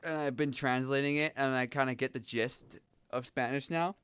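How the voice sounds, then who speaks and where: Joking young Canadian streamer, smooth voice. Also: male voice, mid-range voice, fairly even intonation, normal speed, fairly bright tone, lo-fi sound. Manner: joking, swears, laughs often. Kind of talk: casual livestream chat.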